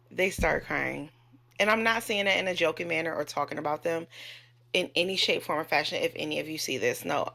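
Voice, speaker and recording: A woman's voice: on the low side, gravelly, bright, forceful tone. A woman who works as a nurse, telling a story to her camera in a candid, chatty way and cursing freely. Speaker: nurse and vlogger.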